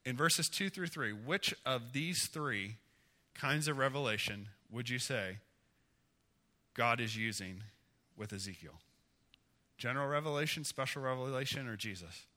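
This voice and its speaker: Very bright-voiced male pastor preaching. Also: medium pitch, measured pace, pauses often. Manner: conversational, asks the congregation questions; grows emphatic and animated. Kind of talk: sermon.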